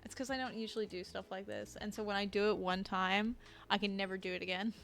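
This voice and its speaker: A woman streamer chatting casually while she draws, rambling and self-deprecating, with lots of fillers and restarts and a habit of dropping to a low mutter as she works. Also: fairly even intonation, fast talker, a bit bright, faint music behind. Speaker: streamer and artist. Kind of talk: casual live-stream chat while drawing.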